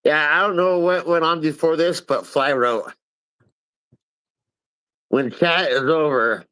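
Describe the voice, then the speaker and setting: Co-host guy, kinda high voice, jokey, swears a lot, laughs easy. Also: pushed and bright, smooth. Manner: profane, joking, quick to laugh. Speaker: live-stream co-host. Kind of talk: casual live-stream chat.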